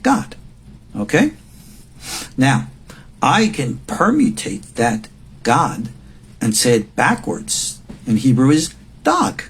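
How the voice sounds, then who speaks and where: A man in his sixties teaching a recorded lecture as a rabbi, emphatic and repeating words for stress, with a husky voice. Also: fairly high pitch. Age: 60s.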